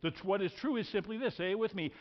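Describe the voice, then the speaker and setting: A man's voice: sits high, fast, big-room sound, highs cut off. A man in his sixties preaching an emphatic sermon as a pastor, leading the congregation in call-and-response. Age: 60s. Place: church sanctuary.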